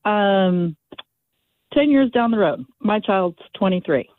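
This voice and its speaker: A woman from California calling into a talk show, emotional and halting, with many restarts. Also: medium pitch, expressive, no echo. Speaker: caller. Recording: tinny phone line.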